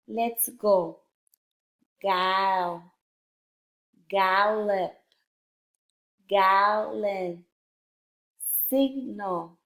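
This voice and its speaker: Slow, deliberate woman teaching phonics. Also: fairly high pitch, vocal fry, reverberant. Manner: slow, deliberate, sounds out letters one by one. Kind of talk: phonics lesson for young children.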